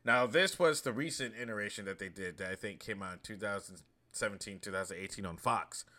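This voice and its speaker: A man in his thirties hosting a show, talking in a chatty, storytelling way with animated asides. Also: on the low side, a little fast. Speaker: host. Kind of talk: casual monologue.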